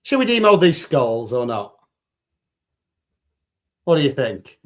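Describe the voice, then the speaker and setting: Very animated yet slow-paced, his mid-range voice carries a casual livestream about resin crafting. The host, a man from the UK, reads comments from viewers and chats with them in a jokey, lighthearted manner.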